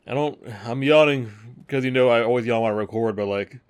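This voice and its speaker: A man giving relaxed, rambling commentary while playing a video game. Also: medium pitch, clear, resonant tone, no room sound. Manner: rambling, laid-back, drawn-out fillers. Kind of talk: casual gameplay commentary.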